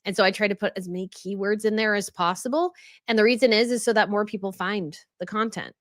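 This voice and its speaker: A woman's voice: medium pitch, fast talker, fairly bright tone, no echo, clean studio sound. A woman hosting a royal news livestream, chatting casually and reading viewer comments, rambling and laughing often. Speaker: royal news channel host.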